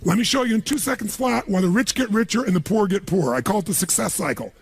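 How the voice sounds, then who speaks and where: Raspy, gravelly motivational speaker. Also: male voice, high-pitched, lively intonation, fast. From United States. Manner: emphatic, calls on the crowd to answer. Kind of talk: live seminar speech to an audience.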